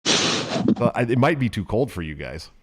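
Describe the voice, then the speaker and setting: Lively low-voiced casual podcast host. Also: male voice, unhurried, breathy edge. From California. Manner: loose, swearing, animated then mumbling low.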